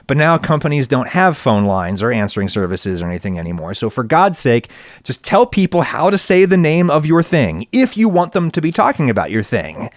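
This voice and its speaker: A male podcast host delivering a solo monologue in a wry, opinionated, chatty manner. His pitch swings freely up and down as he talks, and the sound is close and dry, with no room echo.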